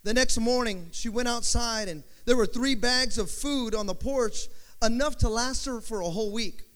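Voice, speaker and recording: Male pastor, emphatic repetitive preaching, high voice, reverberant church. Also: moderate pace, a bit bright. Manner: call-and-response, emphatic repetition. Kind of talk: sermon. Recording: long hall reverb.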